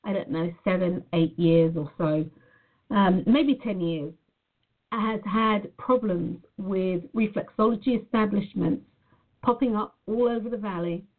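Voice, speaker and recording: Speaking to her viewers in a personal monologue, this Nevada woman is earnest and reflective and tends to repeat herself. Her voice is medium in pitch and a little slow, recorded with a narrow, phone-like quality.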